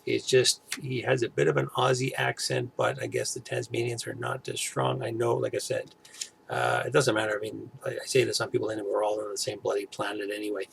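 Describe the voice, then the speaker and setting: A middle-aged man vlogging in a rambling, halting, casual way with many fillers. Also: on the low side, lively intonation, vocal fry, a little hiss or hum. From Toronto area, Canada. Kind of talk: casual chat to camera.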